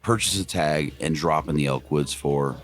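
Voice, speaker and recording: A man chatting casually, an excitable storyteller who laughs often. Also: extremely low pitch, normal speed. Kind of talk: casual hunting chat.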